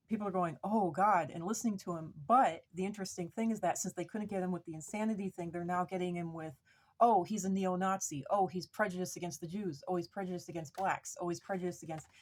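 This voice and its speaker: Low-voiced woman rambling to camera. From Minnesota, USA. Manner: rambling and repetitive, with many restarts and insistent emphasis. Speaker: vlogger. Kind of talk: unscripted to-camera monologue.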